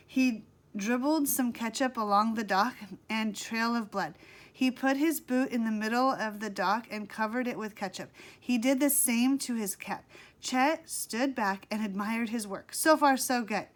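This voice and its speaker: A woman narrating a children's book aloud in a slow, expressive read-aloud manner. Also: fairly high pitch. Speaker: audiobook reader. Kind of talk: storybook narration.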